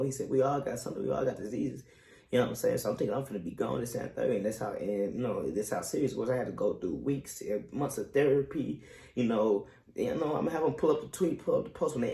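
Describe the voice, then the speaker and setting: A man in his twenties tells his own story in a loose, candid way, swearing freely. His voice is gravelly and sits at an ordinary middle pitch, jumping sharply upward whenever he acts out what someone said. The recording has an echoey, roomy sound. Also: darkish tone. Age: 20s. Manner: candid and profane, acts out quotes with sudden jumps in pitch. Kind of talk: casual storytelling.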